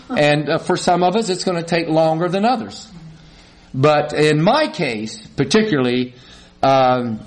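A middle-aged male pastor gives a conversational sermon, asks the congregation questions and acts out small quarrels. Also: mid-range voice.

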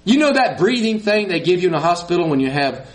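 A man with a high voice preaches a sermon, speaking fast with big swings in pitch as he reads scripture and has the congregation repeat lines back to him. He drops in folksy asides along the way, and the recording quality is low.

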